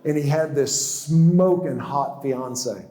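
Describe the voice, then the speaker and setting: A man's voice: on the high side, takes it slowly, mellow. A man in his sixties giving a personal testimony talk, stammering into restarts and chuckling as he tells his story. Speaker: guest speaker. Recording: roomy echo.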